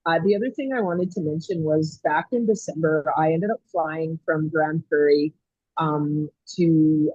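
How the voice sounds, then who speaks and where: A woman's voice: sits low, animated, unhurried, darkish tone, husky, no echo. A woman calling in to a video chat from Canada, speaking in an eager, rambling way with many fillers. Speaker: caller on a video call. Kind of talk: casual chat. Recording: dull, lo-fi call audio.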